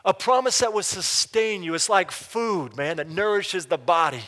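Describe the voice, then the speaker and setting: Pastor preaching with big dynamic swings. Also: male voice, high voice. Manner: swings between loud urgent bursts and hushed, near-whispered emphasis; reads scripture slowly and deliberately. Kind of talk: sermon. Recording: live hall reverb.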